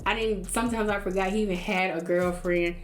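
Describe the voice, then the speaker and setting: A woman's voice: mid-range voice, fairly even intonation, a little fast, roomy sound. A young woman casually telling a personal story to her viewers, blunt and profane, acting out what others said.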